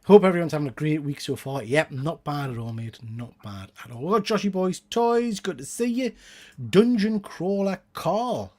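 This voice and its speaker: A man's voice: a little high, animated, normal speed, darkish tone. Chatty Geordie man hosting a live show. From Northeast England. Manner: chatty, greets viewers by name, laughs often. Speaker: host. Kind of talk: casual live-stream chat.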